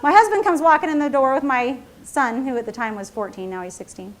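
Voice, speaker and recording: A middle-aged businesswoman telling a story at a seminar in a high, quick voice. She's chatty and self-mocking, laughing at her own mistakes and checking in with the audience as she goes. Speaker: entrepreneur and CEO giving a seminar talk. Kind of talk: storytelling keynote talk.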